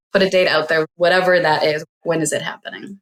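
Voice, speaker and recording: A woman's voice: deep voice, fairly even intonation, normal speed. A woman in her forties, a tech CEO, giving practical advice in a reflective, casual way as a podcast guest. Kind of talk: casual interview chat.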